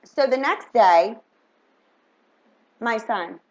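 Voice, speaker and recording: A middle-aged woman telling a story in a casual, animated vlog, chatty and full of "like" and "right?". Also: a little high, extremely slow. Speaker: vlogger. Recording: dull lo-fi recording.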